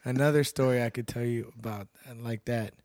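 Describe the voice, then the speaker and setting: A man's voice: mid-range voice, fairly even intonation, fairly quick, darkish tone, no room sound, clean studio sound. A young man from Texas, a guest telling stories in a casual podcast chat, blunt and laid-back, swearing freely. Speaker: podcast guest, bouncer and MMA fighter.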